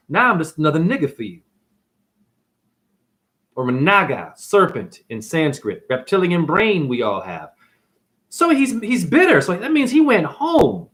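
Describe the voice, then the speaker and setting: A man telling a story in a casual, ranting monologue, with big swings in pitch as he goes. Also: fairly bright tone. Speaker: spiritual vlogger.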